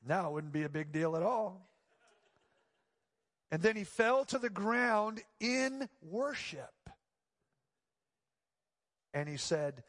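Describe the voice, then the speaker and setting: A middle-aged man preaching a sermon, telling a personal story and building to loud, pleading passages. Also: high voice, animated, slow pace, pauses often. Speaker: pastor. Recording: long church reverb.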